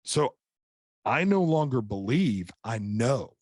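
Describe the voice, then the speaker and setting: Very animated yet slow, this middle-aged author and coach speaks in an ordinary medium-pitched voice as a podcast guest in casual chat. Earnest and open, he builds his story by circling back with repeated "and, and" starts. The close, dry recording has no room sound.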